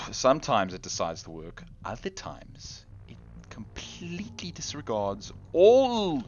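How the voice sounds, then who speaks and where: A man's voice: mid-range voice, wildly swooping pitch, takes it slowly, dull audio, a little hiss or hum. A man hosting his gaming channel, rambling in casual gameplay commentary, self-deprecating and talking straight to the viewer.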